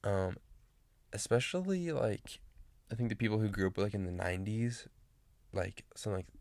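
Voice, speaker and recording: A man's voice: fairly low pitch, moderate pace, darkish tone, dry recording. A man in his late teens chatting casually to camera, rambling with lots of fillers and restarts. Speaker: vlogger.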